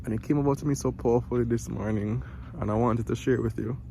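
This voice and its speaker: A man's voice: mid-range voice, steady tone, fast talker, creaky, mellow, slight background noise, poor audio. Jamaican man with heartfelt, preaching talk. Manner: heartfelt, preachy, repeats words as he stumbles. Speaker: vlog host, father. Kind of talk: casual vlog with a devotional message. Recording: guitar music playing behind him.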